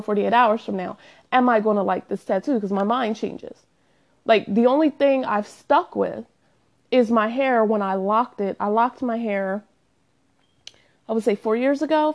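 A woman talking casually to camera in a chatty, self-deprecating, animated way. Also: a little high, dull audio. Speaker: vlogger. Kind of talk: confessional casual monologue.

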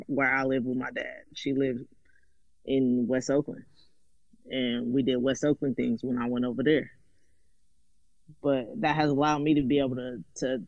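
A man's voice: mid-range voice, a little mellow, no room sound. Thoughtful man, dull lo-fi sound. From California. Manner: thoughtful, explanatory, frequent "you know". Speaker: guest. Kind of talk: casual conversational chat. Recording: dull, dry, slightly lo-fi sound.

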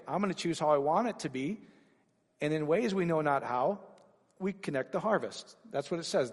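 Male preacher, animated sermon delivery, slightly high voice, reverberant church hall. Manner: animated, rising to excited shouts.

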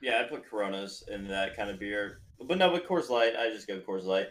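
A man's voice: fairly low pitch, fairly bright tone, poor audio. A man hosting a podcast, chatting casually with blunt, joking remarks. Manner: blunt, joking, quick interjections. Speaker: podcast host. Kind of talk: casual chat.

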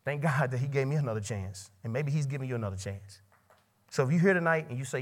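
A man preaching a sermon to a college ministry gathering, asking the crowd questions and swinging between loud rises and quiet drops. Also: mid-range voice, animated, fast talker. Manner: asks the audience questions. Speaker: pastor. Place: college ministry meeting hall.

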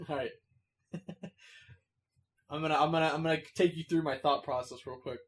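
Man, slightly high pitch, casual chat, rambling, laughs often. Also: fairly even intonation, normal speed. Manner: rambling, laughs often, quotes cartoon lines.

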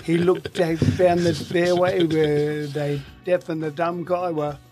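A man tells a joke at an unhurried, halting pace, restarting his sentences as he goes. His voice sits a little higher than most men's, and soft music plays underneath. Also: level tone. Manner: slow, halting delivery with restarts. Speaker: interview guest. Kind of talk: telling a joke in casual conversation.

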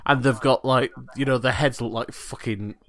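A man's voice: medium pitch, steady tone, normal speed, fairly bright tone. A man co-hosting a casual podcast chat, rambling through his points with many restarts. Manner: rambling, restarts a lot, laughs along. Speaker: podcast co-host.

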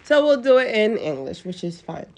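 A woman's voice: medium pitch, sing-song, normal speed, darkish tone. Giggly woman hosting a laid-back podcast, chatty. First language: Spanish. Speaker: podcast host. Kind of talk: casual podcast chat.

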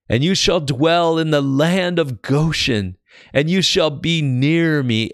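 A man's voice: a little high, no room sound, clean studio sound, voice pushed up, close to an everyday voice. A man declaiming as Joseph, a lordly ruler. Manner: solemn, raised declaiming voice. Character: Joseph, commanding adult man, lord over Egypt.

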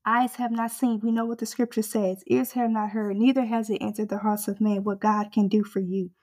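A woman's voice: mid-range voice, level tone, brisk, a little mellow. A woman preaching a sermon with fervent, rhythmic exhortation that builds in intensity through repeated refrains.

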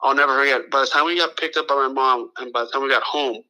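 A man's voice: mid-range voice, steady tone, quick pace, pushed and bright, low-quality recording. A man from the Los Angeles area telling a long story in casual chat, profane and full of restarts and quoted dialogue.

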